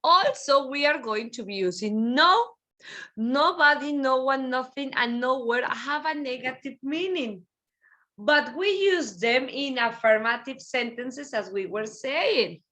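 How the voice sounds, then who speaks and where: A woman leads an online English lesson and says every example sentence twice for her learners. Her voice sits high and sounds bright. She speaks slowly and carefully. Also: lively intonation. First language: Spanish. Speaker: English teacher. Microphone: video call.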